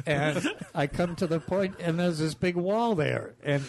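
A man's voice: a little high, measured pace, gravelly, few pauses, background noise. A man on a roundtable podcast telling casual, rambling stories and poking fun at himself. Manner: rambling, self-mocking storyteller. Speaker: regular panelist. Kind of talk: casual chat.

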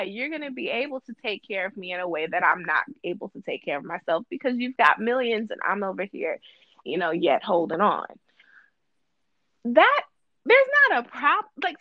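Woman guest co-host, casual podcast chat, emphatic, gravelly, dry lo-fi sound. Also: medium pitch, very animated, moderate pace, no room sound. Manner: emphatic, repeats phrases for stress.

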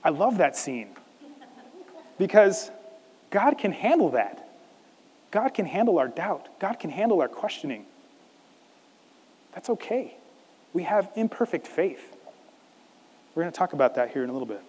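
A man preaching a sermon as a pastor, animated, acting out a scripture scene in different voices. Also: high-pitched, unhurried, pauses often, breathy edge, big-room sound.

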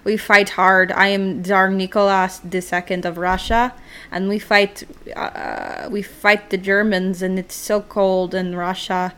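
A blustering tsar boasting about fighting hard in the cold, as a woman puts him on for a laugh. The bit is loose and improvised, with a medium pitch and plain delivery. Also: level tone, unhurried, a bit bright, smooth, close to an everyday voice. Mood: boastful. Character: boastful tsar, grown man.

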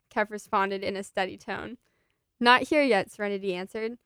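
Clear-voiced woman reading a story aloud. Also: medium pitch, fairly even intonation, moderate pace, fairly bright tone, no room sound, clean studio sound. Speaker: podcast co-host reading a collaborative story. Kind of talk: casual read-aloud storytelling.

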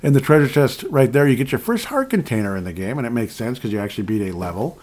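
A man's voice: mid-range voice, sing-song, quick pace, darkish tone. A man giving casual, rambling commentary over a video game, joking at his own expense as he plays. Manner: rambling and self-deprecating, with frequent laughs and asides. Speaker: gameplay commentator. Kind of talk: casual let's-play commentary.

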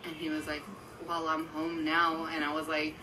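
A woman's voice: deep voice, completely flat delivery, normal speed, noisy background. A woman in her thirties, co-hosting a podcast, telling a long story in casual, profane chat. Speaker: podcast co-host.

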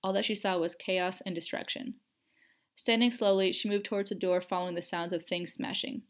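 A woman narrating a fan fiction audiobook with measured, expressive storytelling. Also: mid-range voice.

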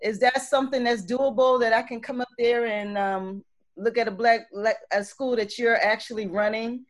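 A woman's voice: a little high, fairly even intonation, normal speed. A woman hosting an online talk show in a casual, effusive way, with many fillers and restarts. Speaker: host.

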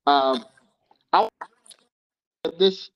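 A man's voice: a little high, drawn-out words. A man co-hosting a podcast, talking casually about basketball and assertively cutting in to take his turn. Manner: assertive, cuts in to take over. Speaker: podcast co-host. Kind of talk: casual sports chat. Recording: dull lo-fi sound.

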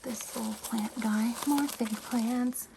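A young woman in a soft, chatty, giggly whisper, giving an ASMR house tour of her home. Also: on the high side, takes it slowly, vocal fry. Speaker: ASMR creator. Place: home, indoors. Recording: steady background hiss with clicks.

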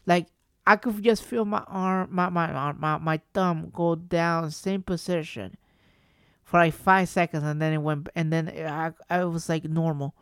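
A man's voice: a little high, a little slow, smooth, dry recording, clean studio sound. Rambling, swearing young-sounding man. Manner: rambling, animated, swears, repeats and restarts. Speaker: vlogger. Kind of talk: casual storytelling.

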